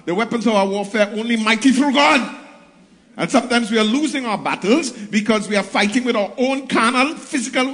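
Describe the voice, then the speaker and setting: A man's voice: very high-pitched, sharp tone. A man pastor preaching a sermon, reading scripture and calling out to the congregation. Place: church. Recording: echoey church hall.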